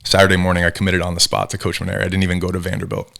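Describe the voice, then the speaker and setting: A man in his thirties from New Jersey tells stories as a podcast guest. His voice sits very low and his words come out quick. He brings the people he quotes to life as he talks. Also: vocal fry. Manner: animated, acts out quoted voices. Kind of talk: casual storytelling interview.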